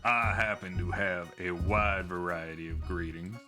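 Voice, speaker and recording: A game streamer voicing a formal, fussy tavern innkeeper in a lowered voice, reading video game dialogue aloud. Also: steady tone, measured pace, over music. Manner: stiff, formal greetings, low put-on voice.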